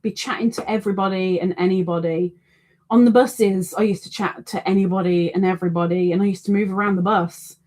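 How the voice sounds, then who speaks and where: A woman's voice: medium pitch, fairly even intonation, fairly quick, darkish tone. Middle-aged woman rambling on her crochet live stream, self-deprecating, lots of restarts, reads out chat comments.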